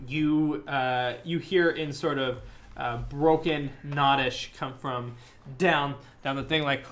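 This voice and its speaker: Bright-voiced man running a tabletop game. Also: medium pitch, steady tone, slow pace. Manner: casual, filler-heavy narration. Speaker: game master.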